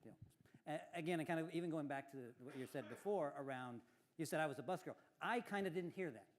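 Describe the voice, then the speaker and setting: A man's voice: fairly high pitch, fast talker, slight background noise. A man giving spoken feedback on a speech, rambling and restarting his sentences often. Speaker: workshop evaluator.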